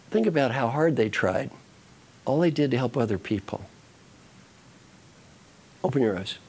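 A man's voice: mid-range voice, darkish tone. A man giving a motivational talk to an audience, repeating key phrases and speaking to them directly. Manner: repetitive, coaxing, addresses audience directly.

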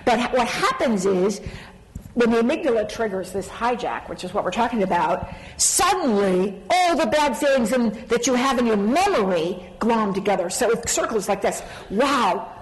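Woman, middle-aged, self-mocking storyteller, fairly high voice, echoing hall. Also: moderate pace. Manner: animated, self-mocking, laughs through her story. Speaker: panel speaker. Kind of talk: storytelling on a panel. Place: large conference hall. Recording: hall reverb, faint background noise.

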